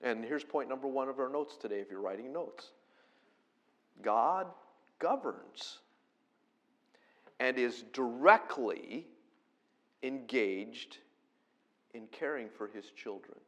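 A man preaching a conversational sermon, explaining scripture verse by verse and rising to loud, emphatic peaks when he quotes it. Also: mid-range voice, lively intonation, slow, long pauses. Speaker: pastor.

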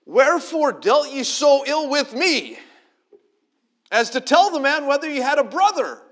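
A man's voice: extremely high pitch, big pitch swings, measured pace, a bit bright, pitched above the performer's own voice, exaggerated voice. A man voicing an aged patriarch father who whines, indignant and self-pitying, in a raised voice while reading scripture aloud. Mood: aggrieved.

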